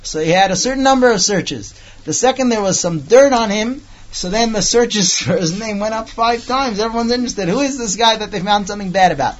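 A man teaching a casual Torah class to a small group, quickly reading out Hebrew text and then explaining it with stories. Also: high voice, dull audio. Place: room with a small group of listeners.

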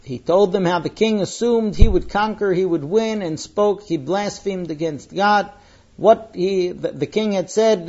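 A man reading a religious story aloud while translating it on the fly, halting with pauses and restarts. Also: high voice, a little mellow. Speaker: reader translating a religious text. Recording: dull lo-fi recording.

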